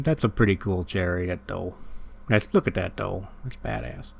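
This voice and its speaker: A man's voice: deep voice, normal speed, creaky, husky. An American man giving casual gameplay commentary in a wry, offhand way. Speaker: let's play commentator.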